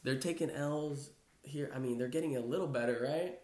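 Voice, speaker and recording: A man's voice: mid-range voice, moderate pace, darkish tone. A man hosting a casual sports chat podcast, rambling loosely with lots of fillers and "bro.". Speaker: podcast host. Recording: echoey room.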